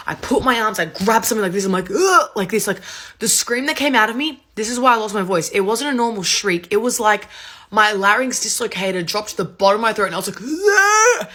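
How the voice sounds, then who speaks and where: A woman, rapidly and animatedly retelling a story in a casual, swearing, rambling way. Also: mid-range voice, a bit bright, husky.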